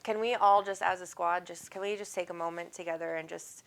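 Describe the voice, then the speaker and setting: A woman's voice: lowish voice, steady tone, fairly quick, creaky, fairly bright tone. A woman hosting a live call-in psychic reading, talking in an affectionate, rambling way and calling the caller sweet names. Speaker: psychic medium host.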